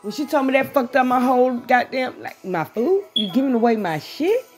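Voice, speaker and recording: A woman's voice: high voice, brisk, faint music behind. Blunt, profane woman ranting to viewers. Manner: animated, blunt and profane, talks straight to her audience. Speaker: vlogger doing a live tarot reading.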